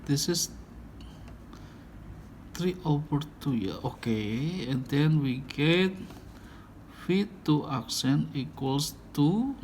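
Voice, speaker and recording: A man with an Indonesian accent explaining a physics problem step by step, halting and thinking aloud, mixing English and Indonesian. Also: fairly high pitch, expressive, a little mellow, slight background noise. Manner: switches between English and Indonesian. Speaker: physics tutor.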